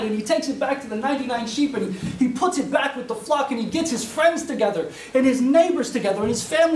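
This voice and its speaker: A man preaching a sermon as a student, telling a parable with lively storytelling and acted-out voices. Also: very high voice, brisk, few pauses. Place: university classroom. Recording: echoey classroom, mic far off, faint hiss.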